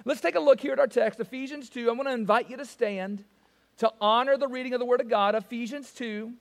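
A man's voice: very high voice, quick pace, creaky. A man from the American South, a pastor with a Southern US accent, preaching a folksy, joking, conversational sermon. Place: church sanctuary. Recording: long reverb of a church hall.

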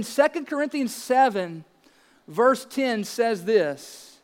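A man's voice: high voice, measured pace, in a large hall. A man in his thirties preaching a sermon as pastor, earnest and emphatic, asking rhetorical questions.

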